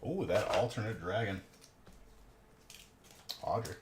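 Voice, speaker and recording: A man with a lowish voice hosts a casual livestream, teasing and joking back at viewers in chat. He is heard in an echoey room with faint background noise. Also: takes it slowly. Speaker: livestream host of card box breaks.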